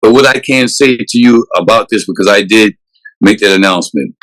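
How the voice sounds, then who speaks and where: Earnest police chief. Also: male voice, fairly low pitch, fairly quick, a bit bright, low-quality recording. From South Carolina, USA. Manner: earnest and emphatic, with frequent restarts. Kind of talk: interview answers.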